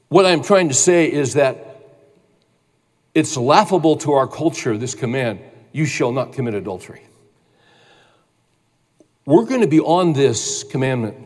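A man preaching a sermon as pastor, telling a story in a casual, animated way. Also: mid-range voice, in a large hall. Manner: storytelling, animated when quoting others.

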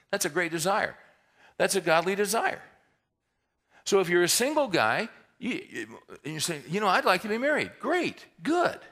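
Male pastor, gravelly and bright, animated sermon delivery with jokes woven in. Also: high voice. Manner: animated preaching with humorous asides.

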